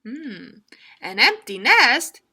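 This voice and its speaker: A woman's voice: a little high, sing-song, extremely slow, pushed and bright, pitched above the performer's own voice, heavily acted. A woman doing an indignant squawking hen. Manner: indignant, exclaiming. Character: bossy squawking hen defending her nest.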